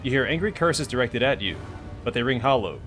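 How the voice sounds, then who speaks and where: Guy narrating his rpg playthrough, reads the text out and cracks jokes at rolls, average voice, bit of music low behind. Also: animated, a little fast, a bit bright. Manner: wry, reactive, joking. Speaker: let's play host. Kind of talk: reading game text and commenting casually. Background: faint music.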